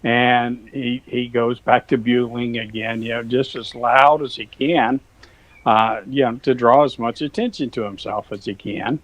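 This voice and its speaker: A man's voice: mid-range voice, fairly even intonation, measured pace, no room sound, rough recording. Folksy, chuckling rancher man. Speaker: guest, cattle rancher. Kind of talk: casual storytelling.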